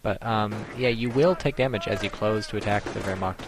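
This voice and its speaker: A man's voice: lowish voice, fairly quick, noisy background. A man giving casual, rambling commentary on a strategy game, explaining tactics with many ums.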